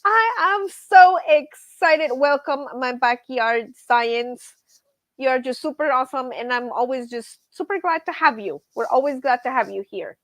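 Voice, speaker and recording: Raised on a ranch, this woman runs a laid-back evening livestream where she talks freely, reads comments from viewers, and tells animated stories full of laughter. Her slightly high, fairly bright voice moves at a moderate pace. The sound is close and dry, without echo.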